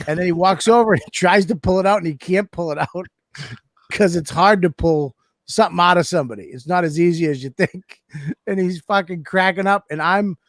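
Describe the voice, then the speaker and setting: A man's voice: high-pitched, fairly quick, no echo, studio quality. A man on a casual comedy podcast, telling crude stories and laughing as he goes. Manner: profane, laughing anecdote-teller. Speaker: podcast co-host.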